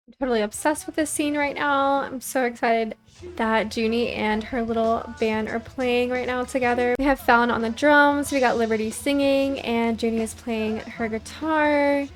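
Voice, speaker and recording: A woman's voice: a little high, fairly even intonation, normal speed. A young woman hosting a let's play, giving chatty, casual game commentary full of "like" fillers. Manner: chatty, lots of "like" fillers, giggly.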